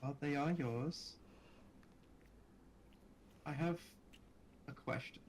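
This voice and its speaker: A man's voice: fairly high pitch, extremely slow, a little mellow, a little hiss or hum, low-quality recording. Earnest man role-playing at the table. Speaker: tabletop game player. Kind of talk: in-character tabletop role-play.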